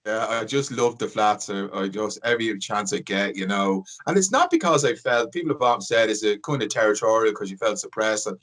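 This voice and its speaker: A man's voice: fairly low pitch, lively intonation, fairly quick, hardly any pauses, a bit bright. Easygoing man hosting a podcast. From Ireland, Dublin Liberties. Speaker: podcast host. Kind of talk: casual podcast chat.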